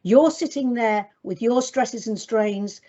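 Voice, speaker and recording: A woman's voice: on the high side, slow, mellow, highs cut off. A woman presenting to clinicians in a webinar, talking directly and emphatically as she moves through her slides. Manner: direct, emphatic, addresses audience as guys.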